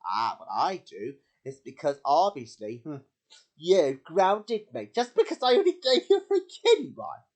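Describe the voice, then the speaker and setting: A man's voice: on the high side, wildly swooping pitch, normal speed. A man hosting a homemade puppet show, talking in a rambling way with many slips and restarts. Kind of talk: casual chat.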